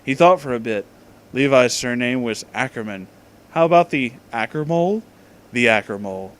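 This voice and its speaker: In a medium-pitched voice at normal speed, a young man deadpans his way through fan fiction passages, pausing often in disbelief to laugh and comment on them.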